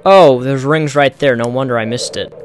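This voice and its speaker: A young man giving let's-play commentary on a console game. He sounds exasperated and breaks into loud, frustrated outbursts. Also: mid-range voice, normal speed, soft background music. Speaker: gamer.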